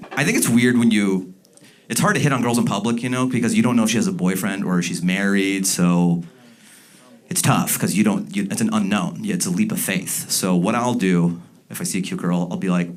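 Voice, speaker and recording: A man doing a stand-up comedy set, animated and jumping into loud, shouted character bits. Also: lowish voice. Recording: live comedy club with audience laughter.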